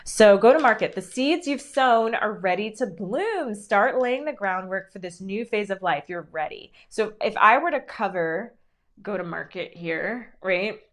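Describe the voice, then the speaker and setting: A woman's voice: mid-range voice, expressive, measured pace, fairly bright tone. A young woman doing a casual live-stream tarot reading, gushing and encouraging, full of fillers and frequent giggles.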